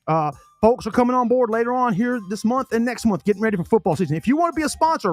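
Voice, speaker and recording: A man with a notably high voice hosts a podcast, rattling off sponsor plugs in a folksy, self-correcting patter. He chews food while he talks. Faint music plays under his voice. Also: expressive, quick pace, no echo. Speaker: podcast host reading sponsor spots. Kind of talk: casual sponsor talk on a podcast.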